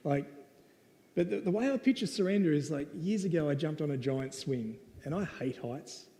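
Man, sermon, mellow higher voice, long hall reverb. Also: normal speed. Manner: conversational and playful, with lots of "right?". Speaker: preacher. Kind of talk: casual storytelling sermon.

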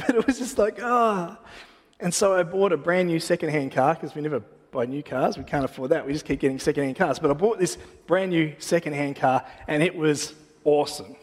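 A man preaching a sermon in a church, praying and then telling a personal story in a casual, animated way with self-deprecating humor. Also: high-pitched, big-room sound. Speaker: pastor. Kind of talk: sermon with prayer and personal anecdote.

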